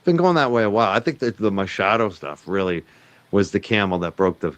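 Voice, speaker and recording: A man's voice: on the low side, a little fast, no echo, dull audio. A man as a guest on a live stream, speaking in a matter-of-fact way and taunting a rival. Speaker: guest commentator. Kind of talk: casual stream talk.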